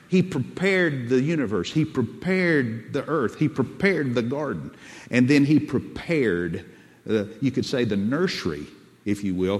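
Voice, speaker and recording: A pastor preaches to his church, stumbling over and repeating words as he builds his point and calls the congregation to answer back. His mid-pitched man's voice rings out with the long, echoing reverb of a large sanctuary. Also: darkish tone. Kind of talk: sermon.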